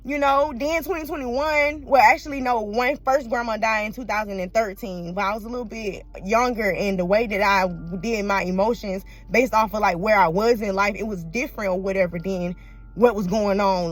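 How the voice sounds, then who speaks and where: A woman vlogging in a casual, emotional way, blunt and profane, often laughing through tears. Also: mid-range voice. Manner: emotional, swings between laughing and crying; blunt and profane, heavy slang. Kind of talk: casual personal vlog talk.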